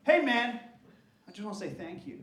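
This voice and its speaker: A man's voice: sits high, sing-song, moderate pace, fairly bright tone, slight background noise. A man putting on the voice of a friendly, earnest American man in a stand-up bit, in an echoey venue with audience laughter.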